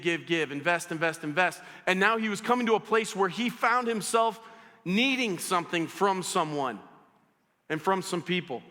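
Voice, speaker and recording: A man preaching a sermon as pastor, telling stories in an animated way and speaking straight to his congregation. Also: sits high. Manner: animated storytelling, addresses the audience directly. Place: church auditorium. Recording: church hall reverb.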